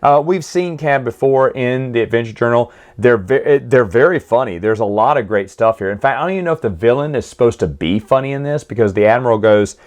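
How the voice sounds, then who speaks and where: Guy rambling through a casual review, opinionated, keeps fixing his own sentences, middle pitch. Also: expressive, brisk, hardly any pauses. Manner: chatty, opinionated, with frequent self-corrections. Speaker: book and comic reviewer.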